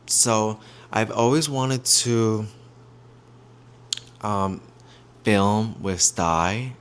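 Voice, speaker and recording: A man's voice: on the low side, extremely slow, clean tone. A young man chatting casually to viewers in a vlog on a handheld mic, rambling with lots of fillers. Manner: rambling, heavy fillers, addresses viewers as y'all. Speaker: YouTuber.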